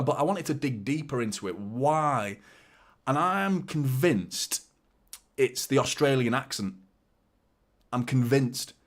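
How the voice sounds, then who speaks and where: Chatty football fan host. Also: male voice, on the high side. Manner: chatty, jokey, excitable during attacks. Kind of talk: live match watchalong commentary and chat.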